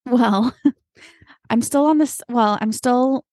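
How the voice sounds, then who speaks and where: A woman's voice: a little high, takes it slowly, darkish tone, no room sound, studio quality. A woman co-hosting a podcast in casual chat, teasing and playful, laughing often. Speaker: podcast co-host and therapist in training.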